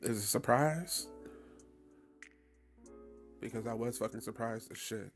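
Male podcast host, solo monologue, profane and animated, mid pitch, faint music bed. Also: unhurried. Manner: animated, profane, laughing storyteller.

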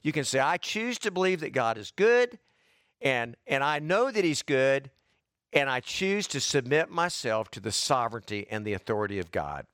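A man's voice: mid-range voice, very animated, normal speed, a bit bright, dry recording, studio quality. A man preaching a sermon, folksy and conversational, building to emphatic repeated lines, his voice a little worn and short of breath. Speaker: pastor.

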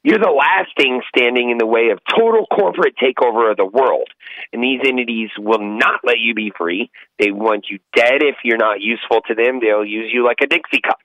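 A man's voice: mid-range voice, fairly quick, no echo. A male podcast co-host talking politics and exhorting listeners in a preachy way, on dull lo-fi audio. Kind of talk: casual political talk.

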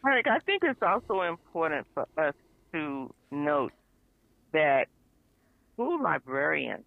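Older woman talking real passionate, kinda gravelly, sounds like a phone call. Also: deep voice, very animated, slow pace, dry recording. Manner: passionate, emphatic. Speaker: retired school librarian, guest. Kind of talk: impassioned advocacy in a podcast interview. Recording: tinny phone line.

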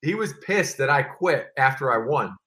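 A man's voice: mid-range voice, normal speed. A man in his thirties, a former pro football player, telling casual stories as a guest, full of fillers and acted-out quotes. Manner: animated, filler-heavy, acts out quotes. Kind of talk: casual storytelling.

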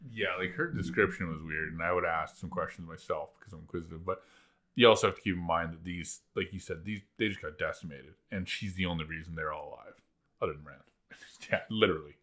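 A man in casual chat recapping a TV episode, animated and acting out characters' lines. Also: sits low, quick pace. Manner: animated, acts out lines in put-on voices.

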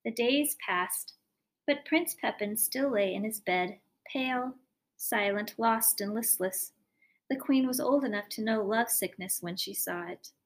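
Expressive woman reading a fairy tale aloud. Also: fairly high pitch, measured pace. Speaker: storyteller. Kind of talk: storybook read-aloud.

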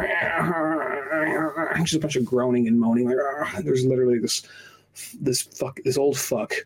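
A man in his thirties co-hosting a podcast, telling stories in casual, profane, animated chat. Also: mid-range voice. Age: 30s. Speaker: podcast co-host.

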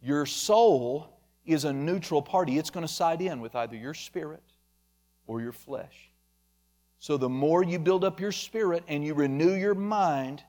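A man's voice: on the high side, darkish tone. A man preaching a sermon emphatically, calling out members of the congregation by name. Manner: emphatic, addresses listeners by name.

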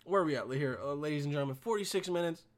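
A young man hosting a podcast in a casual, rambling monologue, swearing constantly and swinging between mumbles and loud outbursts. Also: on the high side, very fast. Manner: profane, rambling, jokey. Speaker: podcast host.

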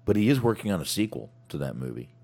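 A man with a very deep voice hosts a casual chat show. He talks in a halting way and keeps restarting his sentences. Fillers like "um" and "like" run all through his speech. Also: big pitch swings, gravelly, warm tone. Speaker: podcast host.

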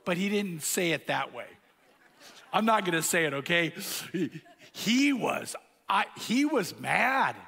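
A man's voice: high voice, big pitch swings, measured pace, vocal fry, sharp tone, slightly rough, long reverb tail. A man preaching a sermon, telling stories and asking the crowd rhetorical questions. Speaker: pastor.

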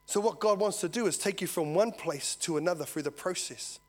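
A man preaching a sermon, telling a story and swinging from loud to hushed. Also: high-pitched, brisk. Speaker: visiting preacher.

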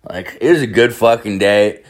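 A man's voice: lowish voice, moderate pace. A man casually telling a rambling, profane story as a vlogger, piling up "I was like" asides.

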